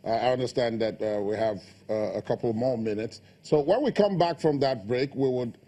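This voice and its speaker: A man hosting a TV studio interview, stammering and halting with many fillers. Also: mid-range voice, mellow. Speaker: TV host.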